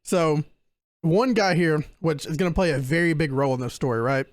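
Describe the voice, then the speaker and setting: A young man hosts a relaxed podcast chat with a fairly high voice. He reads from his notes, breaking into laughs and fumbling unfamiliar names. The sound is dry, with no room around it. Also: fairly quick, dry recording. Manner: laughs often and stumbles over names while reading notes. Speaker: podcast host presenting a case.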